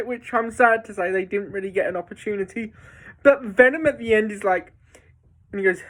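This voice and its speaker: A woman's voice: medium pitch, brisk. A woman giving a casual, enthusiastic spoken film review, rambling with lots of fillers and restarts.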